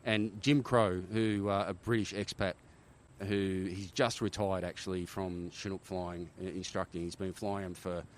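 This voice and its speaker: Deep-voiced Australian man telling war stories. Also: normal speed, slight background noise. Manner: animated war-story telling, frequent "right?" tags. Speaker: guest, former army helicopter pilot. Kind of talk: casual storytelling interview.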